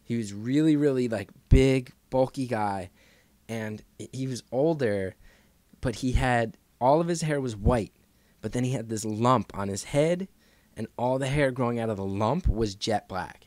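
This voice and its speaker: A man's voice: medium pitch, unhurried, dry recording. A man telling a long story in a casual podcast chat, acting out the people in it. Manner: animated, acts out quoted voices. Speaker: podcast guest.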